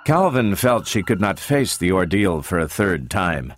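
Expressive male audiobook narrator. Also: low-pitched, unhurried, few pauses, no echo, studio quality. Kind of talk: scripted narration.

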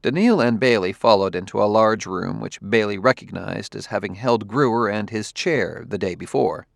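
A man narrating an audiobook in an even, unhurried way. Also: on the low side, creaky, no echo, clean studio sound.

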